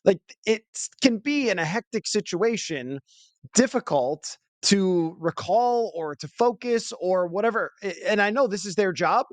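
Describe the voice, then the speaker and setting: A man's voice: high voice, animated, a little slow, dry recording. A man hosting a sports podcast, chatting casually and thinking aloud with asides. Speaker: podcast host.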